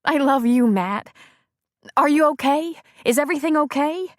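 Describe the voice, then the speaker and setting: A woman narrator voicing an excited, affectionate young pregnant wife. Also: high-pitched, normal speed, no echo, clean studio sound, voice pushed up, lightly acted. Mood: excited, loving. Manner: eager, breathless, affectionate.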